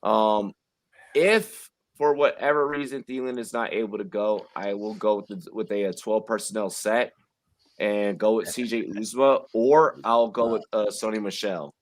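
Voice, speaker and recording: Male host, low-ish voice, loud and profane, rambling fantasy football talk. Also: moderate pace, no echo. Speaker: podcast host. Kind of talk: casual sports chat.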